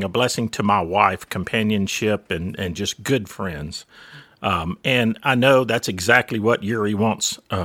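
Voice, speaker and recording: A man giving a modest, halting encouraging message in a soft voice. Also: fairly low pitch, no room sound, clean studio sound.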